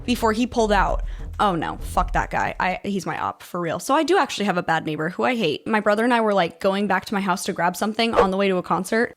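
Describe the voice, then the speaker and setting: A young woman hosting a casual commentary video, talking in a chatty, animated way, swearing freely and laughing often. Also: medium pitch, fast. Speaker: video host.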